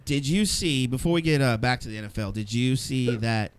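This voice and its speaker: A man's voice: mid-range voice, expressive, a little fast, slight background noise. A man co-hosting a podcast, chatting bluntly about sports with frequent swearing and laughter. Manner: blunt, profane, laughs often. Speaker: podcast co-host. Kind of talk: casual sports chat. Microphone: studio mic, live-streamed show.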